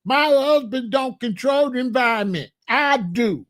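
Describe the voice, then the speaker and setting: A man's voice: extremely high pitch, expressive, measured pace, a bit bright, voice pushed up, exaggerated voice. Man doing furious bossy Mother Nature woman. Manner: indignant, demanding respect. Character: bossy angry wife of God, Mother Nature.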